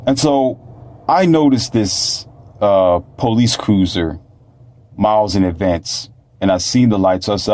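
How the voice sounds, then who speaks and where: Man, low voice, blunt, preachy storytelling, repetitive, dry sound. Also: a little slow, darkish tone, dry recording. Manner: blunt, preachy, repeats himself. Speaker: vlogger. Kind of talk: opinionated storytelling monologue.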